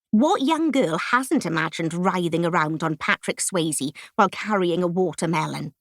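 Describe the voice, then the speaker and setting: A woman's voice: fairly low pitch, no room sound, studio quality. A woman from Wales with a Swansea accent, narrating her memoir as an audiobook, telling it expressively and voicing the quoted lines. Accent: Welsh, Swansea. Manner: lively, expressive storytelling with voiced quotes.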